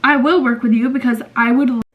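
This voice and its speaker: A woman's voice: a little high, fairly even intonation, fairly quick, muffled recording. A young woman in her twenties chatting casually to camera at home, rambling and indecisive with lots of fillers. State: out of breath. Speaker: beauty vlogger. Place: at home, indoors. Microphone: camera mic, later phone on a tripod.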